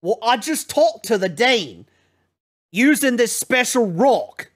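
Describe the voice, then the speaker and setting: A man voicing a crude, slow-witted male combat professor who swears constantly and talks bluntly. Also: very high-pitched, animated, voice pushed up, full character voice. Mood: defensive.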